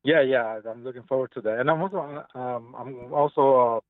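A man's voice: mid-range voice, a little fast, dry recording. Male caller, hesitant and stammering, tinny phone line, dry. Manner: hesitant, stammering, soft-spoken. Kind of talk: phone-in chat.

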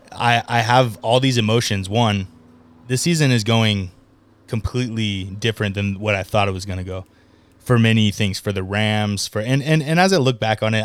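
Smooth-voiced upbeat male podcast host. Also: fairly low pitch. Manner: upbeat, chatty, quick to laugh. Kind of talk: casual podcast chat. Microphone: remote call microphone.

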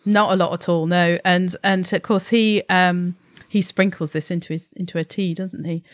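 A woman's voice: lowish voice, fairly even intonation, normal speed, no echo. Woman co-host explaining science, dry sound. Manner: friendly, explanatory, asks tag questions. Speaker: podcast co-host, science communicator. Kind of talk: casual podcast chat.

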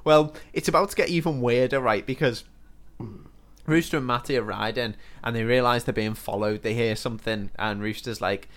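A man's voice: medium pitch, moderate pace, fairly bright tone. Man casually retelling a film. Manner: retells the plot with laughs and swearing. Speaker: podcast co-host. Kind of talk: casual film-recap chat.

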